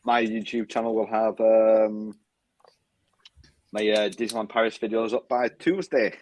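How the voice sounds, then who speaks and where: A man's voice: on the low side, steady tone, unhurried, darkish tone. A British man co-hosting a podcast in casual chat, rambling and restarting his sentences. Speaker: podcast co-host.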